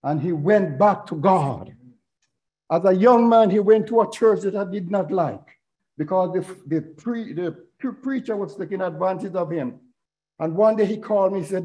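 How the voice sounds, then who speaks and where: Man, middle-aged, preacher, high-pitched voice, storytelling sermon, quotes scripture. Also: normal speed, dark tone, poor audio. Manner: storytelling preacher, retelling a parable and quoting scripture.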